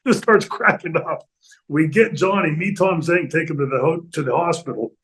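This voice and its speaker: A middle-aged man casually telling stories in a studio interview, animated and laughing often, acting out other people's lines. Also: a little high, normal speed, poor audio. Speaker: retired pro wrestler guest telling stories. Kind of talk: casual storytelling in a podcast interview.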